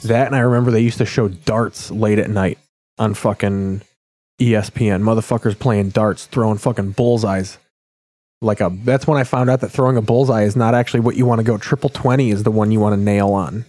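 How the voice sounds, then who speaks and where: A man's voice: fairly low pitch, steady tone, a little fast, a little mellow. A man hosting a podcast, swearing often and riffing casually on what is on the TV. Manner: rambling, crude, joking. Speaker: podcast host watching TV. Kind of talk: casual profane commentary.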